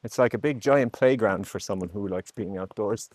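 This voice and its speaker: A man hosting a vlog, speaking gently and earnestly about gratitude and acceptance while out on a hike. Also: lowish voice. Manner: gentle, earnest, spiritual, unhurried with pauses. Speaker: podcast host sharing his survival story. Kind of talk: reflective spoken vlog on a hike. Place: outdoors on a hillside.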